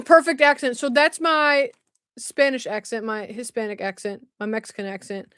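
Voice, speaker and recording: Lady chatting on a livestream, reading chat and opening packages, kinda high voice. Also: steady tone, moderate pace, a bit bright, clean tone, no echo. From West Tennessee, US. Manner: chatty, reacting to viewer chat while unboxing. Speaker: livestream host. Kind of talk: casual live-stream chat.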